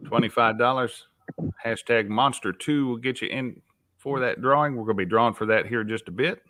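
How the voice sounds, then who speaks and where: A man's voice: medium pitch, fairly quick, pushed and bright, a little hiss or hum. A man with a Southern US accent chatting casually on a fishing livestream, telling rambling stories with restarts.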